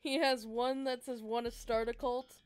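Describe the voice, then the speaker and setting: A woman chatting casually while playing an online game on stream, blunt and quick to swear. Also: on the high side, little pitch movement, clean tone. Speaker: gamer on a stream. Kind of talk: casual gaming chat. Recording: faint game music behind.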